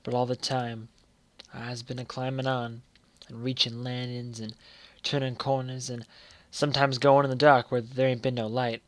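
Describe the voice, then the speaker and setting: A man's voice: mid-range voice, little pitch movement, normal speed, no echo, lightly acted. A man reading the lines of a weary old mother advising her son, in plain folksy dialect. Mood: earnest.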